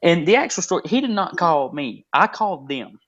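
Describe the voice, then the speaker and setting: A man's voice: on the high side, sing-song, fairly quick, fairly bright tone. A man with a Southern US accent from North Carolina, a wrestler guest telling a story with laughs on a podcast call. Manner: laid-back storytelling, laughs often. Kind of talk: casual podcast chat over a call. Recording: muffled phone call audio.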